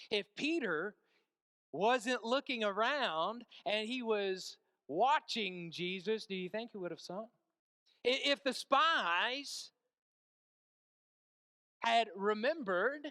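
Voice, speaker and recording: A man preaching with a high, bright, forceful voice, telling a story that drops to a hush and rises to emphatic peaks. He often asks the congregation rhetorical questions. The sound is dry and close. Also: no echo. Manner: storytelling, swinging between hushed and emphatic. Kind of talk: sermon.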